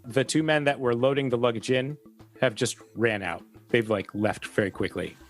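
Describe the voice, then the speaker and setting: A man's voice: mid-range voice, faint music behind. A man running a tabletop game as game master, describing scenes with frequent hesitations. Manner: descriptive, halting with fillers.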